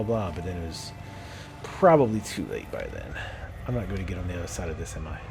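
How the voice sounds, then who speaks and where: A man's voice: low-pitched, very animated, fairly quick, vocal fry, music in the background. Chatty man musing over a game. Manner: chatty, musing, laughs often. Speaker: gameplay video host. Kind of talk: casual gameplay commentary.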